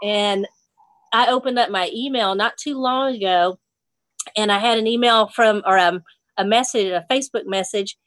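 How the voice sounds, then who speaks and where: A woman's voice: medium pitch, normal speed, fairly bright tone, no room sound. A woman from Nashville, a fly fishing instructor, telling a fishing story in casual chat, laughing often and acting out the voices she quotes. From Nashville, Tennessee.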